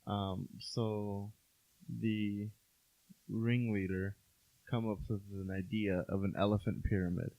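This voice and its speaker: Low-voiced young man, profane rambling chat. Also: little pitch movement, slow pace, warm tone, no echo. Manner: profane, rambling, searches for words. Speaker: podcast co-host. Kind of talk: casual chat. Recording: dull lo-fi dry sound.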